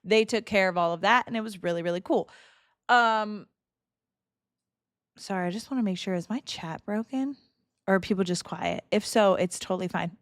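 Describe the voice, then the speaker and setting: Bubbly woman streamer, crisp and close. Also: mid-range voice, dry recording. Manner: animated, laughing, quick asides. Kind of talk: casual storytelling to a live chat.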